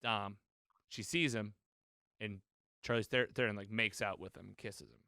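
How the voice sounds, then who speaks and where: A man co-hosting a podcast, rambling through a movie recap with quoted lines and quick self-corrections. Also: lowish voice, steady tone, bright, forceful tone, no echo, studio quality. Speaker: podcast co-host. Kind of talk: casual movie recap chat.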